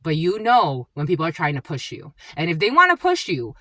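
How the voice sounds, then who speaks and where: Woman reader, chatty and blunt, lots of swearing, very lively pitch, dry recording. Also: a little fast, no echo. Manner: blunt, profane, animated retelling; addresses listeners as "my lovies". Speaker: spiritual reader. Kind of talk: casual storytelling monologue.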